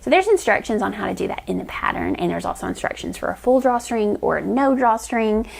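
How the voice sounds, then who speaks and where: Gravelly-voiced woman chatting about crafts. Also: mid-range voice, animated, fairly quick. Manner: chatty, enthusiastic, rambling with restarts. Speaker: knitting vlog host. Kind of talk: casual chat to camera.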